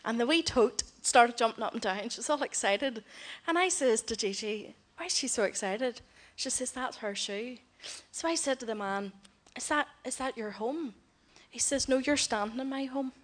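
Middle-aged woman missionary, heartfelt storyteller, a touch high-pitched. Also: normal speed. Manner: heartfelt storytelling, voices others in quotes. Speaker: missionary speaker. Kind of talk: mission report to a church congregation.

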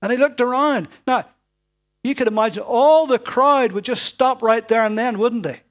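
A man preaching a sermon, dramatic, swinging from loud calls to hushed whispers and putting rhetorical questions to his listeners. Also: very high voice, moderate pace.

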